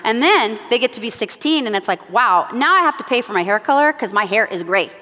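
A middle-aged woman leads a moms' group, telling family stories and acting out little moments as she goes. Her delivery is chatty and animated, and a long reverb trails each phrase, as in a large church room. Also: on the high side, brisk. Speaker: moms' group Bible study leader. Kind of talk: devotional teaching with personal stories.

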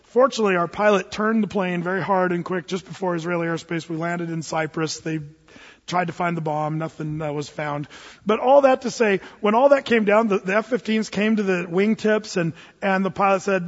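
A man's voice: high-pitched, fairly quick, fairly bright tone. A middle-aged man telling a rambling personal story, full of fillers and restarts, acting out what people said. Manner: rambling, lots of fillers and restarts, acts out quotes. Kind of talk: anecdotal storytelling. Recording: dull, reverberant hall.

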